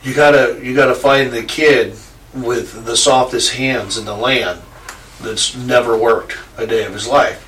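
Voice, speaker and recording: A man's voice: mid-range voice, fairly even intonation, a little slow, a bit bright, a little hiss or hum, lightly acted. A man voicing a scheming sorcerer in a story he tells, in an echoey room with a distant mic.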